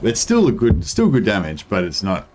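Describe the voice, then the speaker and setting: A young man with an Australian accent talks through his game in a loose, meandering way, full of "like" and "um". His voice sits low. A faint hiss runs under the close desk mic. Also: wildly swooping pitch, normal speed. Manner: rambling, filler-heavy, thinking aloud. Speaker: game streamer. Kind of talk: casual gameplay commentary, answering chat.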